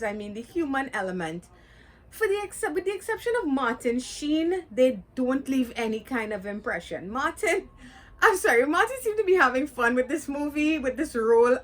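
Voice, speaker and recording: A woman's voice: a little high, fairly bright tone. A woman giving a casual, chatty movie review, talking candidly with frequent fillers and restarts.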